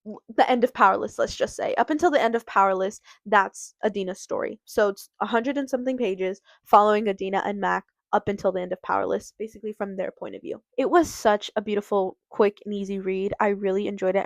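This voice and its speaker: A woman's voice: medium pitch, creaky, no room sound. A woman giving a casual book review, gushing and rambling, often cutting herself off mid-sentence. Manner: gushing, rambling, self-interrupting.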